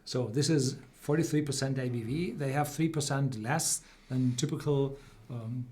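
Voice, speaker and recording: A man hosting a live whisky tasting, explaining slowly with many fillers and restarts. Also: medium pitch, a little mellow. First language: German. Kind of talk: live-stream tasting chat.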